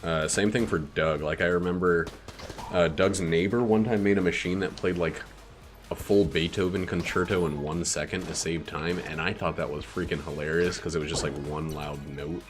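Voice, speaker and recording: A man's voice: sits low, fairly even intonation, normal speed, soft background music. A man hosting a casual let's play, chatting and joking playfully between laughs. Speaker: gaming channel host.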